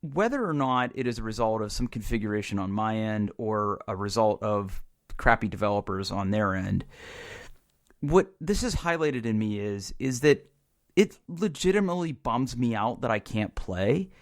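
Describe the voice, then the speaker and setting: A man's voice: on the low side, lively intonation, normal speed. A man co-hosting a podcast in casual chat, rambling and frustrated, with many restarts. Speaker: podcast co-host.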